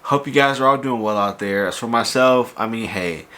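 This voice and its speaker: A man talks casually to his viewers in a congested, nasal voice, stuffy from allergies. His pitch sits in the middle, and his storytelling turns animated and exasperated. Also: moderate pace. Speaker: toy collector vlogger. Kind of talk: casual unboxing vlog.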